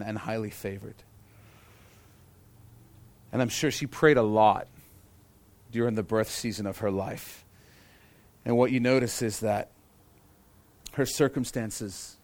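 A man preaching a sermon as pastor, earnest and repeating key phrases for emphasis. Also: on the low side.

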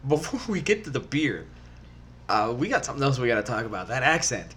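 A man's voice: mid-range voice, sing-song, quick pace, fairly bright tone, a little hiss or hum. A man co-hosting a casual beer review show, emphatic and teasing. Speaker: podcast co-host. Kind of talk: casual chat.

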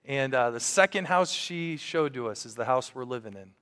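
A man's voice: mid-range voice, lively intonation, moderate pace, fairly bright tone, smooth, long reverb tail. A man preaching a storytelling sermon as a pastor, earnest and conversational, often restarting his sentences.

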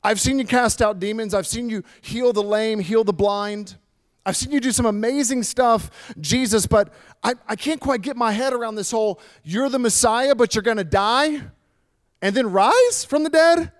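A man's voice: very high-pitched, normal speed, big-room sound. A man voicing confused male followers who question their teacher in disbelief. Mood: incredulous. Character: baffled, incredulous group of male followers.

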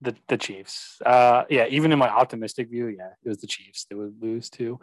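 A man's voice: medium pitch, normal speed, no echo, poor audio. A young man chatting about football, agreeable and hesitant, full of ums and yeahs. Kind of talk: casual sports chat.

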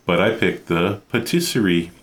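An easygoing man co-hosting a relaxed chat. His voice is very deep, and he often answers with short agreeing words. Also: moderate pace. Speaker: podcast co-host. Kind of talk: casual chat.

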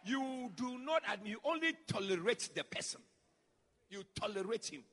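A male pastor preaching a sermon, acting out quotes and shouting lines for emphasis. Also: very high voice, animated, normal speed, long reverb tail. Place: church.

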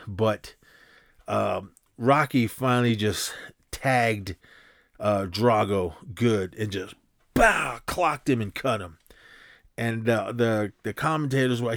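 A man hosting a podcast, casually retelling a movie fight with punch sound effects and quick impressions of the characters. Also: mid-range voice, no room sound, studio quality. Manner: animated, acts out punches with sound effects and quoted lines. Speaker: podcast host.

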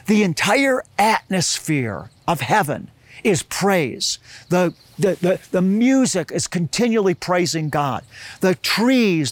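A man's voice: fairly high pitch, dry recording. A man preaching a sermon, reading scripture aloud and explaining it with earnest emphasis.

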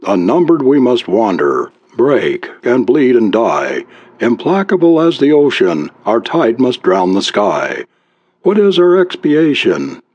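A man's voice: medium pitch, wildly swooping pitch, slow pace, darkish tone, no room sound, muffled recording, heavily acted. A man voicing a hunched, brooding husband who hesitates and mumbles, reciting grim verse.

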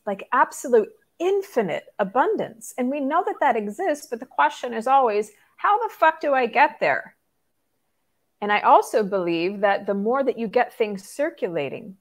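Expressive woman spiritual mentor. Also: medium pitch. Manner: earnest, expressive, laughs easily. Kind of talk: conversational podcast interview.

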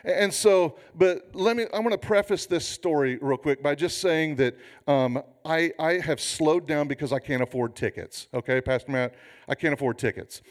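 A man in his fifties, a pastor preaching a sermon with humorous, animated storytelling. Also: fairly high pitch, moderate pace.

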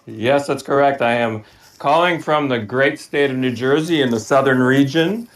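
A man's voice: medium pitch, normal speed. A man calling in to a podcast, cheerful and jokey, chuckling as he talks. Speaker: caller, tango professional. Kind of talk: casual chat.

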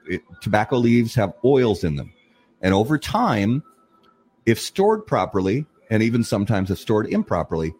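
A man co-hosting a casual talk show, explaining at length in an emphatic, animated way with frequent restarts. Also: lowish voice, husky. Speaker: podcast co-host. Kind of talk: casual chat.

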